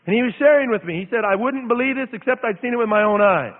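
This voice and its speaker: A man from Idaho preaching a sermon, telling a story in an animated, dramatic way with lots of repetition. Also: very high voice, fast, long reverb tail, phone-quality sound. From Idaho, USA.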